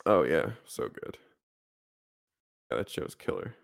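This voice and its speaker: A man's voice: extremely low pitch, very animated, slow, gravelly. A young man co-hosting a podcast, talking in a laid-back, rambling way and laughing easily. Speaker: podcast co-host. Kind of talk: casual chat.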